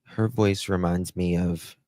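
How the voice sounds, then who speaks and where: A man's voice: deep voice, steady tone, measured pace, darkish tone, no echo. A man hosting a live true-crime stream, chatty and exclamatory, thinking aloud as he goes.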